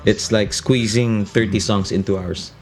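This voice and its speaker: A man's voice: lowish voice, fairly even intonation, a little slow. A Filipino man in his forties, a radio DJ, speaking English with a Californian-tinged American accent and slipping into Tagalog and Bisaya while laughing often. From Philippines. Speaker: radio DJ and voice-over talent. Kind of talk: interview chat.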